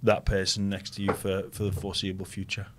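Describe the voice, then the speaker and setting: A man's voice: low voice, completely flat delivery, fairly quick, a bit bright, a little hiss or hum. A man hosting a sports podcast interview, talking bluntly and reflectively, swearing casually. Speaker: podcast host, former player.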